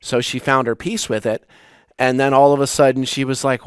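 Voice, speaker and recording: A man in his forties, a spiritual teacher, giving a reflective talk with personal stories, halting and restarting as he goes. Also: mid-range voice, little pitch movement, clear, resonant tone, no echo, clean studio sound. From United States. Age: 40s. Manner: personal, storytelling with pauses and restarts.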